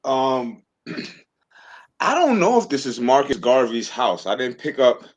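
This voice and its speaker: A man's voice: mid-range voice, very animated, slow pace. A man hosting a livestream, hesitant and full of fillers, then reading a passage aloud. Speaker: livestream host.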